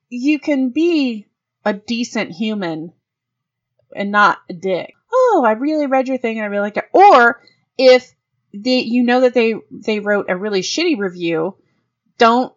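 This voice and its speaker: A woman in her forties hosting her own podcast, telling stories in a frank, profane, animated way and swinging her voice up high for the reactions she quotes. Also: muffled recording. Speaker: podcast host. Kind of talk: casual monologue podcast.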